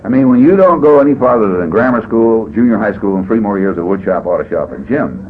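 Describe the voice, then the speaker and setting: An older man sharing his story at a recovery meeting, folksy and jokey in an animated storytelling way. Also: on the low side, fairly quick. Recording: dull lo-fi tape with faint hiss.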